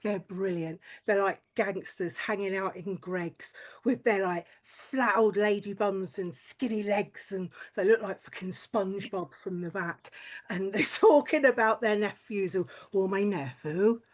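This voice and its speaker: A woman's voice: medium pitch, measured pace. A woman performing a stand-up comedy set, blunt and crude, with chatty tangents and frequent swearing.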